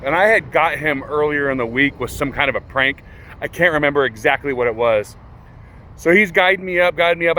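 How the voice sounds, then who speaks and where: A man working as a car salesman, telling a funny story to the camera outdoors at a car lot in a casual, chatty way. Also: a little high. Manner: chatty, animated when quoting others.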